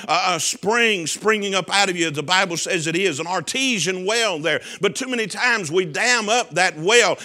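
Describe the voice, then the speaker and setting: Middle-aged male pastor, sermon delivery, high ringing voice with big loud-soft swings. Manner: preaching with swings from loud shouts to hushed lows.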